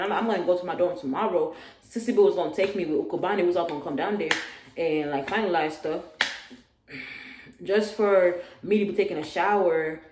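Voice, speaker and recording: A young woman vlogging a storytime about college life, telling it in an animated way and acting out the loud quotes. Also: on the low side. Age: young adult. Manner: animated, acts out yelled quotes. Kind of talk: storytime vlog. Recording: echoey room, faint noise.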